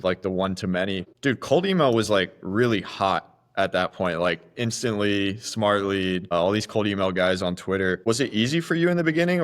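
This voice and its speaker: A man with a very low voice hosts a podcast, asking his questions in a relaxed, chatty manner. He sounds easygoing and informal. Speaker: podcast host. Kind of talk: casual podcast conversation.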